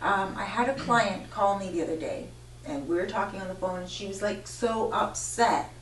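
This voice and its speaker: A woman's voice: medium pitch, moderate pace. A woman life coach giving an informal spiritual talk to a live audience, telling stories animatedly and often correcting herself. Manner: animated storyteller, frequent self-corrections. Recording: echoey room, voice from far off, faint hum.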